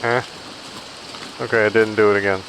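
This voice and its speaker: A man's voice: fairly low pitch, level tone, brisk, noisy background. Rambling man chatting over gameplay. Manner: rambling, storytelling asides. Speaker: gaming streamer. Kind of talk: casual gameplay chat.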